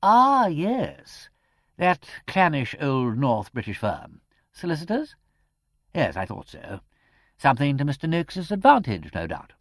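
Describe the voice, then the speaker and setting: A man voicing an urbane, witty aristocratic lord with a crisp, airy manner. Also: fairly high pitch, wildly swooping pitch, unhurried, fairly bright tone, no room sound, studio quality, pitched above the performer's own voice, full character voice.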